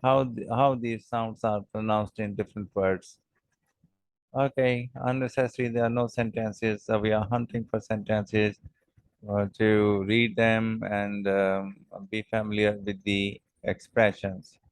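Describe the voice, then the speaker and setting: Slow, deliberate male English teacher. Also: fairly low pitch, level tone, no room sound, poor audio. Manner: slow, deliberate, with frequent "uh" and "okay?" checks. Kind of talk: recorded lesson reading example sentences.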